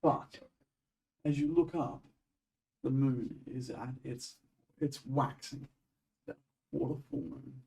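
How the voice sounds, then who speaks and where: Give me a man running a tabletop game, halting and restarting, recorded a bit off-mic. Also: mid-range voice, steady tone, gravelly, dark tone, distant mic, low-quality recording. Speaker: game master.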